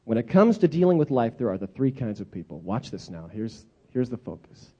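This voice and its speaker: Here a husky, medium-pitched man speaks fairly quickly as he preaches, a pastor spinning animated stories full of dramatic repetition. The audio has a dull, lo-fi quality.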